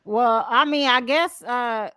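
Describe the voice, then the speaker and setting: A Southern US woman hosts a casual gossip show, chatty and full of asides. Her voice sits fairly high, and the sound is close and dry with no room around it. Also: takes it slowly, sharp tone, clear, resonant tone, no room sound. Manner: chatty, reads posts aloud with laughs and asides. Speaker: podcast host.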